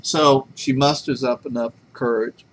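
Bright-voiced male teacher on a webcam. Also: mid-range voice, fairly even intonation, unhurried. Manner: chatty, self-deprecating, tells a joke before the lesson. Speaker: math teacher. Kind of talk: classroom lesson. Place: classroom. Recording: faint room noise from a webcam.

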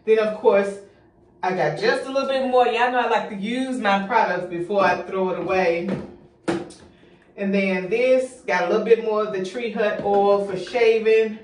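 A woman's voice: medium pitch, moderate pace, darkish tone, echoey room, recorded from a distance, slight background noise. A young woman vlogging, chatty and effusive, a little out of breath as she talks to her viewers. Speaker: home organization vlogger. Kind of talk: casual vlog chat. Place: bathroom.

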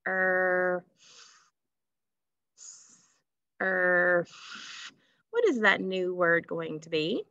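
A woman's voice: mid-range voice, creaky, no room sound. A woman teaching a phonics lesson to children, patiently stretching out sounds and asking questions. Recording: dull lo-fi recording.

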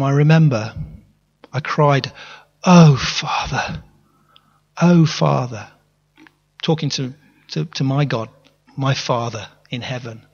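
A man preaching a sermon in a church, earnest, often restarting his words and asking the congregation questions. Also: on the high side. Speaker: pastor. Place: church hall. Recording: reverberant hall, dull lo-fi sound.

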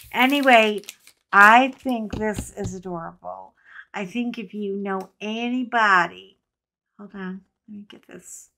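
A woman's voice: medium pitch, creaky, fairly bright tone, slight background noise, rough recording. A middle-aged woman with a stuffy, sinus-laden voice, chatting casually and self-deprecatingly to viewers while unboxing craft supplies. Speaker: craft video host.

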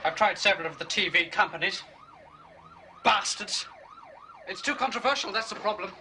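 A man's voice: high-pitched, normal speed, heavy background noise, lightly acted. An actor playing a nervous, touchy male amateur writer who stammers and fusses as he talks. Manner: stammering, fussy. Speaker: aspiring writer.

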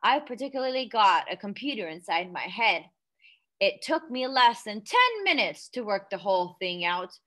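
A woman voicing a pompous, hot-tempered middle-aged father who brags and shouts accusations. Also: mid-range voice, big pitch swings, normal speed. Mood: boastful. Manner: boastful, then shouting and accusing.

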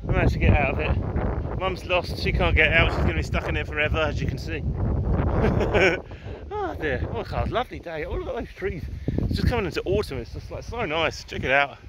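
An English-accented vlogger with a fairly high, expressive voice rambles casually at a moderate pace while walking through gardens, dropping the odd swear word. The lo-fi recording is very noisy, with faint outdoor ambience and distant garden machinery.

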